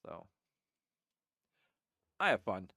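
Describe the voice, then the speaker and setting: A man's voice: very slow, sharp tone, dry recording, clean studio sound. A man reacting to a game stream, telling rambling stories with many restarts and fillers. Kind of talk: casual reaction commentary.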